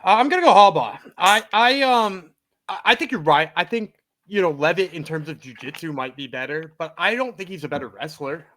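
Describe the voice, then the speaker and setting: A man co-hosting a sports betting podcast, making his case in quick, animated casual talk. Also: high-pitched. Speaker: podcast co-host.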